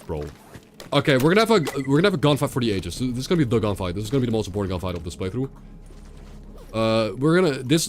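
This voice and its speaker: A young man streaming a video game, rambling and sarcastic, often repeating himself. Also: mid-range voice. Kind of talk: casual gameplay commentary.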